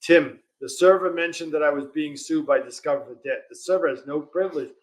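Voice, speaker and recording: A man's voice: on the high side, fairly quick. A man hosting a live question-and-answer stream, reading viewer questions aloud in a casual, chatty way and laughing often. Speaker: host of a live legal Q&A stream.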